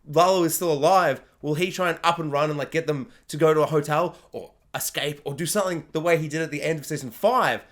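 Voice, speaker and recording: A young man with a high, light voice talks through a TV episode recap. He rambles in a loose, chatty way, full of asides and little impressions of the characters. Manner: chatty, rambling, quick to act out quotes. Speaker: TV review vlogger. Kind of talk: casual spoken recap and review.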